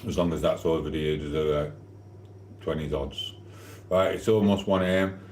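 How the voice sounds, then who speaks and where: A man's voice: very deep voice, moderate pace, a little mellow, roomy sound, a little hiss or hum. A man hosting a casual live stream from his kitchen, rambling and cheekily flirting with his chat while eating. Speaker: livestream host. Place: home kitchen.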